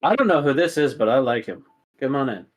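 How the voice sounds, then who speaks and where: A blunt young adult with a dry, teasing edge, close to the game master's own voice. The words come quick and clipped, then drop low and flat. This is a character in a tabletop game. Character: overheated, blunt young adult with split-dyed hair.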